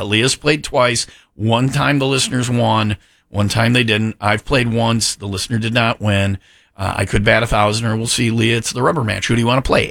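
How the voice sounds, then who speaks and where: Brief: gravelly, bright-toned man in his fifties, morning radio host, chatty with halting restarts, dry studio sound. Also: medium pitch, no echo. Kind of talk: casual radio banter. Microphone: studio microphone.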